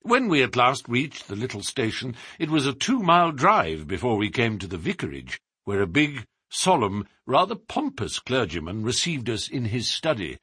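A man narrating a story aloud in a measured, expressive reading. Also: medium pitch, husky, no echo, clean studio sound. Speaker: audiobook reader. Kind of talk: scripted narration.

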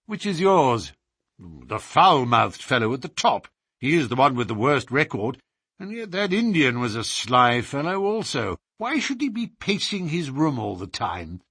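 A man voicing a calm, incisive middle-aged detective who speaks in a measured, commanding way. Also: mid-range voice, slightly rough, no room sound, clean studio sound, heavily acted. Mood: musing.

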